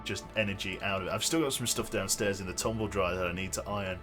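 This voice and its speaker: A man's voice: sits low, fairly even intonation, quick pace, over music. A man streaming a survival game, chatting casually in a rambling, sweary, self-amused way into a desk mic. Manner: rambling, sweary, joking to himself. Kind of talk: casual gameplay commentary.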